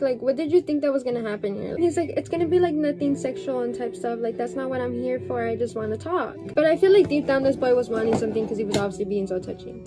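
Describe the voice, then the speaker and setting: A young woman casually telling a story while getting ready, chatty, filling her talk with "like" and frequent swearing. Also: high voice. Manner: chatty, heavy use of "like" and swearing.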